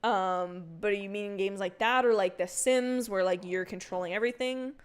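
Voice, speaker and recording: A young woman streaming a cozy video game, chatting casually with her viewers, rambling with lots of fillers and breaking into excited outbursts. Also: mid-range voice, normal speed, smooth. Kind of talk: casual livestream chat while gaming.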